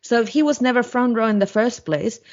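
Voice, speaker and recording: A woman guest on a podcast, telling a story in a blunt, profane, animated way. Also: fairly high pitch, brisk, highs cut off. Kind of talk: casual storytelling.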